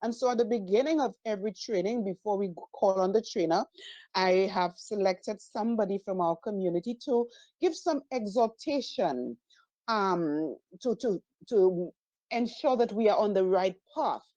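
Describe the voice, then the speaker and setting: A woman hosting a community training, giving a measured, uplifting formal introduction. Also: medium pitch, expressive, mellow, no room sound, muffled recording.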